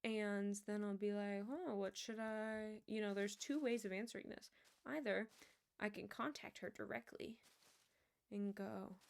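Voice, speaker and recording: A young woman streams and talks casually, wandering from one story to the next and laughing at herself as she goes. Her voice sits at an ordinary middle pitch for a woman. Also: fairly even intonation, normal speed, vocal fry. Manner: rambling, self-amused storytelling with frequent laughs.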